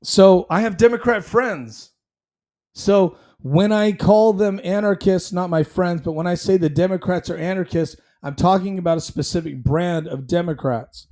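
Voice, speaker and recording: A man's voice: sits high, moderate pace, a little mellow. A man hosting his own commentary show, talking bluntly and heatedly, rambling with restarts and fillers. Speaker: show host. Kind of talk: casual commentary stream.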